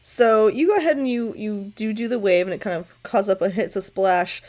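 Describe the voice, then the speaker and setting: A woman's voice: mid-range voice, a little fast, a little mellow. A woman narrating as game master of a tabletop game, casual and amused.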